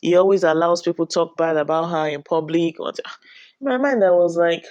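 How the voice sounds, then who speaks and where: A woman's voice: lowish voice, moderate pace, a little mellow, no room sound. A woman, retelling reality show drama in a chatty, dramatic gossip style. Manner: chatty, dramatic retelling with frequent "you know". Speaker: reality show recap vlogger. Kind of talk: casual gossip recap.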